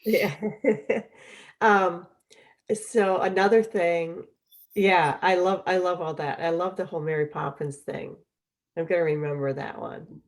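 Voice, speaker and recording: Chatty, relaxed woman podcast host. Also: fairly low pitch, measured pace. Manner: relaxed, chatty, many fillers. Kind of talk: casual conversational chat.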